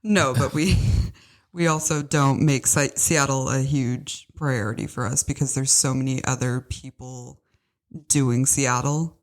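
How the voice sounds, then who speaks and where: A woman's voice: rumbling low, fairly even intonation, measured pace. A young woman co-hosting a casual podcast from a small office, easygoing and teasing. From Washington State. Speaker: podcast co-host. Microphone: studio microphone.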